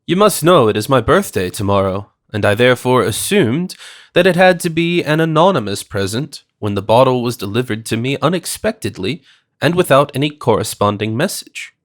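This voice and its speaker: A man voicing a polite, flustered gentleman who answers questions eagerly. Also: medium pitch, sing-song, moderate pace, natural voice.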